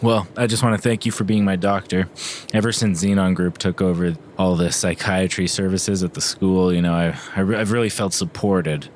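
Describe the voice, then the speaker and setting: A man voicing an earnest, anxious male coach at a school for babies in an improvised comedy sketch, who shifts into high frantic cries. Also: steady tone, normal speed, a little hiss or hum, close to an everyday voice. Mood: weary. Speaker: comedy podcast co-host.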